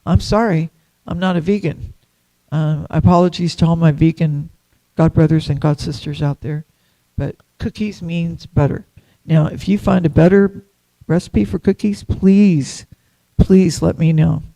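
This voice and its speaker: A woman's voice: low voice, normal speed, warm tone. A woman giving a devotional class at a temple, chatty and storytelling, laughing often.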